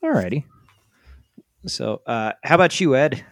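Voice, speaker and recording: A man co-hosting a casual movie podcast, hesitant and unsure, trailing off softly. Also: mid-range voice, expressive, a little slow, no echo, clean studio sound. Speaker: podcast co-host. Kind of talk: casual movie review chat.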